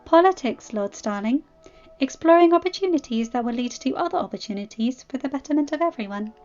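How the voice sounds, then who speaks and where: A woman's voice: high voice, expressive, fairly quick, darkish tone, dull audio, soft background music, pitched above the performer's own voice. A woman voicing a playful, sly young queen, in a fan-fiction audiobook reading.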